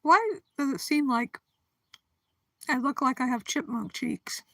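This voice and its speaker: Woman streamer, high and sharp-toned, giggly and a little sleepy, casual chat to viewers. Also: unhurried, gravelly, no echo. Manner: chatty and giggly, greeting viewers by name; drowsy, yawning. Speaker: livestream host.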